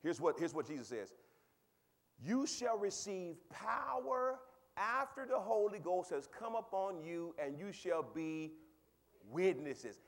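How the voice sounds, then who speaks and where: A male pastor preaching a sermon, talking with the congregation and swinging from quiet asides to loud, high exclaims, with quick repeats of words. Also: lively intonation. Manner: conversational, asks the congregation questions.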